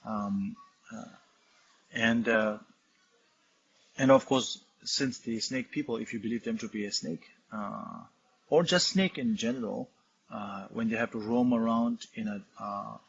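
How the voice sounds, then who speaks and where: A man with a Tibetan accent, a Buddhist teacher explaining a text in a halting, filler-heavy way. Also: medium pitch, vocal fry. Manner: halting, many fillers and restarts, explains terms. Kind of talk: Dharma talk commentary. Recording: dull lo-fi recording, faint noise.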